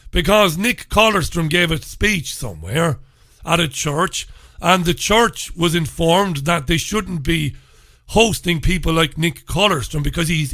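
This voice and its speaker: Middle-aged Irish male radio host, sarcastic solo rant, bright forceful tone, dry close studio sound. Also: on the high side, dry recording. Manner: sarcastic, ranting, mock questions. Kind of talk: solo talk radio commentary.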